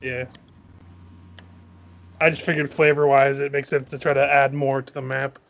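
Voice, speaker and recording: A man playing a tabletop game, chatting in a relaxed way and thinking aloud with ums. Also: medium pitch, moderate pace, creaky, lo-fi sound. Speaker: player. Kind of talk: casual tabletop game chat.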